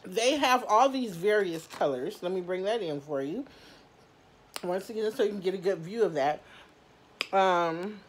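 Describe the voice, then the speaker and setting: A woman reviewing snacks in a casual, candid vlog, chatting straight to her viewers with mild cursing. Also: lowish voice. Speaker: food review vlogger.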